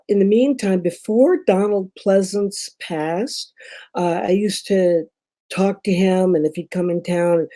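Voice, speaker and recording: An older woman with a Memphis Southern drawl tells stories in a chatty, rambling way, full of asides and "you know"s. Her voice sits low for a woman and sounds mellow and relaxed. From Memphis, Tennessee. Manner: chatty storyteller, many fillers and asides. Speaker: guest, performer. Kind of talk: casual conversation.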